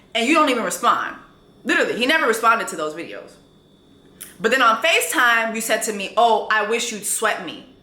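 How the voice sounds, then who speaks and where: A woman's voice: on the high side, sharp tone, roomy sound. A woman, telling a dating story in a vlog in a blunt, sassy way and reading texts aloud.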